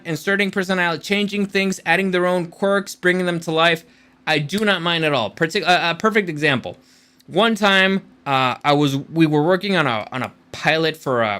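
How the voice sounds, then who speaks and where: A man's voice: a little high, sharp tone. A man hosting a channel and speaking as a screenwriter, giving casual rant-style commentary in a rambling, blunt way with free swearing.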